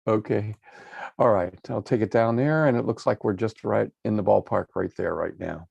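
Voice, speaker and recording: Very gravelly low man on a call. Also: moderate pace, a little mellow, no room sound, lo-fi sound. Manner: chatty, testing his mic level. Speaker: call participant.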